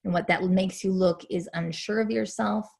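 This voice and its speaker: A woman's voice: medium pitch, steady tone, normal speed, vocal fry, darkish tone. A woman teaching an online lecture in a chatty, hesitant way with many fillers.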